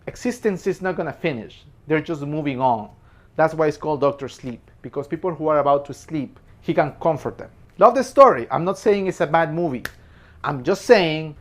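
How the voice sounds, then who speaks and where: A man giving a casual, opinionated film commentary. He talks emphatically, keeps apologizing, repeats himself and laughs between points. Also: fairly high pitch. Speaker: movie reviewer.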